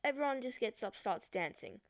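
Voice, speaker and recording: A woman's voice: fairly high pitch, lively intonation, fairly quick, no echo. A woman vlogger telling a personal story in a chatty, rambling way, with many fillers. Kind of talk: storytime vlog.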